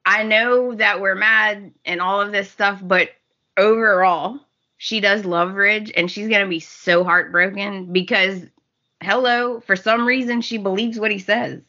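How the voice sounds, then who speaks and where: A woman co-hosting a podcast, chatting casually about a soap opera, animated and laughing often as she acts out the scenes. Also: mid-range voice, measured pace, muffled recording. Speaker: podcast co-host.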